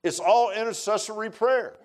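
A man's voice: high voice, normal speed. A man preaching a sermon in a folksy, emphatic way, with many asides to the congregation. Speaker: pastor.

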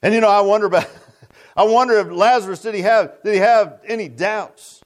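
A man's voice: high voice, fairly quick. An older man preaching a fervent revival sermon, folksy and repetitive, often tossing out "huh?" to the congregation. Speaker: pastor.

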